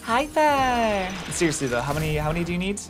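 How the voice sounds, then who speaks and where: A young man, chatting casually and excitably while playing a video game. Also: on the high side, rapid-fire, faint music behind. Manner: animated, excitable, swears casually. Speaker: co-host of a gaming video. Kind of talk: casual chat over gameplay.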